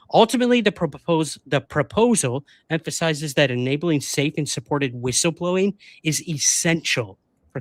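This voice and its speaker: A man's voice: mid-range voice, no room sound. A man co-hosting a live stream, chatting casually and reading news items aloud with self-deprecating asides. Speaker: podcast co-host.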